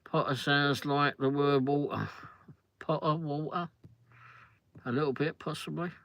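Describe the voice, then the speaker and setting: A man's voice: on the high side, moderate pace, gravelly, fairly bright tone, no echo. An older man hosting a livestream, chatting casually in a rambling way while reading viewer comments, often laughing. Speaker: livestream host.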